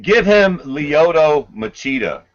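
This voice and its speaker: Opinionated guy swearing about fighters, kinda high voice, muffled podcast audio. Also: very animated, slow pace. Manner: blunt, profane, opinionated. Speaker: podcast co-host. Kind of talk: casual sports banter.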